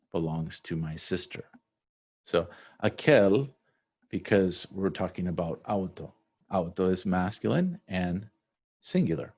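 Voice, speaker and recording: A man teaching a language lesson from slides, relaxed and conversational with many fillers. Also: deep voice. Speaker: Spanish teacher. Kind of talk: recorded slide lecture. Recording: dull lo-fi recording.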